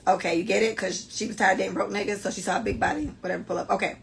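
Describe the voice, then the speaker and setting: Woman host with a gravelly, fried edge, blunt and profane, casual podcast storytelling. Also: medium pitch, very fast, hardly any pauses. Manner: blunt and profane, animated commentary. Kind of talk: casual podcast chat, reading listener stories aloud.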